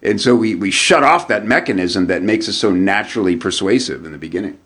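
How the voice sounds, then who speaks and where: Lower-voiced man telling a story. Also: brisk, breathy edge. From United States. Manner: animated storyteller, frequent restarts and repeated words, laughs while telling. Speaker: podcast guest, copywriter. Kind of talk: conversational storytelling.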